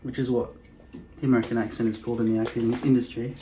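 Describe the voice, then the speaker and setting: A man with an Australian city accent hosts a hairpiece channel, delivering a casual vlog monologue that rambles along in a wry, self-deprecating way. His medium-pitched voice is flat and quick, with background noise in the recording.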